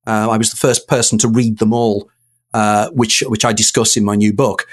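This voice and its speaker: A man's voice: lowish voice, flat delivery, normal speed. A man, a guest in an interview, telling a story with animation and acting out quoted dialogue. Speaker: guest author.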